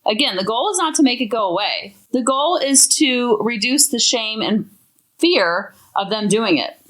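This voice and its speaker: A woman's voice: a little high, expressive, moderate pace, fairly bright tone. A woman hosting a parenting podcast, talking in an emphatic, enthusiastic way. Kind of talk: podcast talk.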